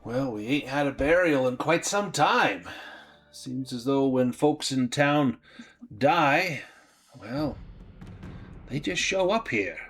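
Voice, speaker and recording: A man's voice: mid-range voice, lively intonation, takes it slowly, pauses often, a bit bright, slightly rough, pitched above the performer's own voice, heavily acted. Man voicing a rustic, rambling graveyard keeper. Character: folksy male graveyard keeper, easygoing.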